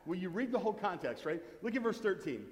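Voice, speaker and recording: A man's voice: high-pitched, big pitch swings, fast, a little mellow. A man preaching a sermon as pastor, conversational, with joking asides and questions to the congregation. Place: church sanctuary. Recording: long church hall reverb.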